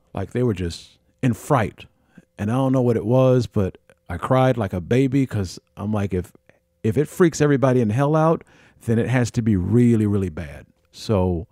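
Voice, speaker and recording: A man hosting a podcast, recounting his own experiences in a halting, repetitive, earnest monologue. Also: lowish voice, mellow, no echo, studio quality. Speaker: podcast host. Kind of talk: personal storytelling monologue.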